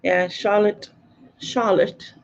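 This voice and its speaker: Taking it slowly with fairly even intonation, this woman's medium-pitched voice comes through dull audio over slight background noise. She's a Mackem quiz host from North East England, running a live stream, reading viewer comments aloud, chatting casually and laughing a lot.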